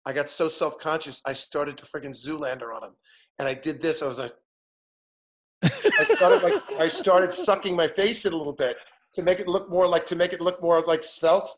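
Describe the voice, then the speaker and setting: A man's voice: a little high, brisk. A man in his fifties, a guest in casual conversation, telling an anecdote animatedly and acting out the other people in it. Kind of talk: casual storytelling chat.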